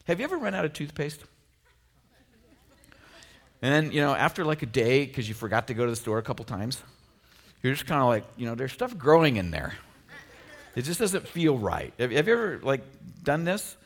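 A man's voice: medium pitch, fairly quick, pauses often. A man preaching a sermon in a casual, conversational way, with lots of rhetorical questions. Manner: conversational and animated, full of filler likes and rhetorical questions. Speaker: pastor.

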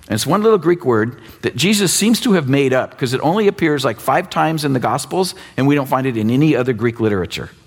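A man in his fifties preaching a sermon as pastor, in a conversational, animated way with teasing asides. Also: medium pitch. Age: 50s.

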